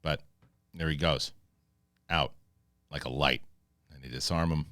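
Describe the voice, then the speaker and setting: Low-voiced man recapping a show, profane. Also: steady tone, fairly bright tone, no echo, studio quality. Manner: profane, acts out scenes in quick paraphrased quotes; rambling with restarts when moved. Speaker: film and TV reviewer. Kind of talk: casual spoiler review recap.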